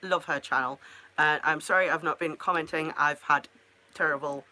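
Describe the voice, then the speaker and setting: A woman's voice: deep voice, fairly even intonation, normal speed, bright, forceful tone. A woman chatting casually to the camera at home, rambling and making self-mocking asides about her pets. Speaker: pet keeper vlogger.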